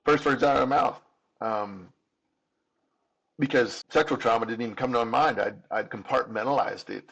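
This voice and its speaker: A man's voice: medium pitch, moderate pace, creaky, fairly bright tone, slightly rough, rough recording. A man in his fifties telling his own story as an interview guest, candid and earnest, often restarting and repeating words. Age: 50s. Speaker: podcast guest.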